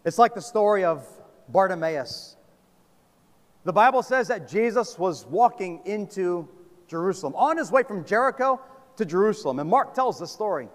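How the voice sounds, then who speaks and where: A man preaching a sermon, swinging from loud calls down to hushed, low lines. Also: lively intonation, normal speed. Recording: long hall reverb.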